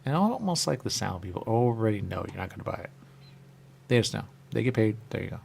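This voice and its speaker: A man hosting a radio talk show in rambling casual chat, often jumping into quick high voices to act out what people say. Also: lively intonation, gravelly, darkish tone, slight background noise. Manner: rambling, acts out quick high-pitched quoted voices, repeats "there you go".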